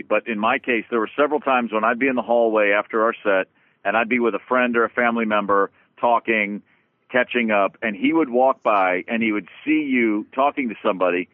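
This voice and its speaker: A man tells a story in loose, animated conversation, stumbling over restarts and dropping swears as he goes. His voice comes through thin and tinny, like a phone line, with no room sound around it. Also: mid-range voice, dry recording. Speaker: guest musician.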